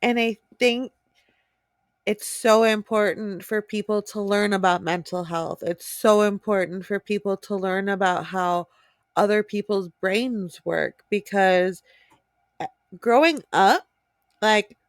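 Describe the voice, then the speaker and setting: Woman co-host, slow and a bit gravelly, supportive and thoughtful, dry close sound. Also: medium pitch, no echo. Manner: reflective, supportive, chiming in. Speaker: podcast co-host. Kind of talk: casual chat.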